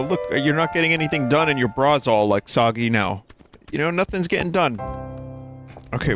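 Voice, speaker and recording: A man giving excitable, swearing let's-play commentary as a streamer, laughing and yelping up high.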